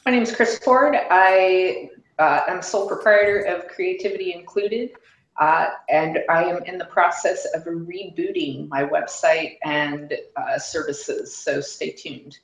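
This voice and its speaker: Low, gravelly-voiced woman. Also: measured pace, echoey room, poor audio. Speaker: panel guest. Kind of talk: casual podcast chat.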